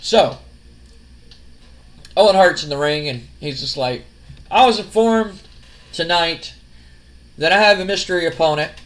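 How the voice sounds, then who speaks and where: A young man recapping a wrestling simulation in loose, rambling commentary. He swears freely and retells each move with an animated, slightly high-pitched voice. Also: measured pace, long pauses. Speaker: let's-play narrator. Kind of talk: casual game commentary.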